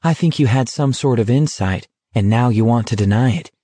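A man's voice: medium pitch, fairly quick, warm tone, slightly rough, dry recording, natural voice. A man reading an earnest, pressing young man.

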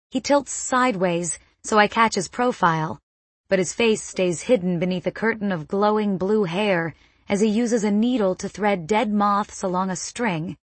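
A woman reading a first-person story aloud in a measured, vivid narration. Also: mid-range voice, dry recording. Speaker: audiobook narrator.

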